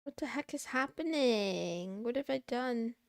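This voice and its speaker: A woman's voice: fairly high pitch, animated, measured pace, creaky, smooth, dry recording, studio quality. A woman VTuber streamer in casual livestream chatter while studying, muttering to herself and slipping in playful meows and silly sounds.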